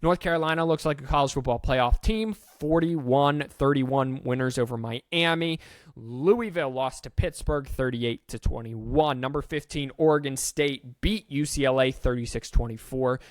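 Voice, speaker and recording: A man hosting a sports podcast, rattling off scores quickly with joking, self-aware asides. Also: medium pitch, no room sound, clean studio sound. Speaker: podcast host. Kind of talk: casual sports recap.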